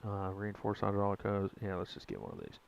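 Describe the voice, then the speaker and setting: A young gaming streamer gives casual gameplay commentary, chatting with viewers in a rambling, self-correcting way with mild exclamations. His low-pitched voice has huge pitch swings and vocal fry, he talks fairly quickly, and the audio is dull.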